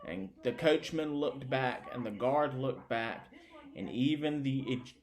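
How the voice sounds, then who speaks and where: A man reading a classic novel aloud as an audiobook narrator, measured and unhurried. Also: mid-range voice, expressive. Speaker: audiobook reader.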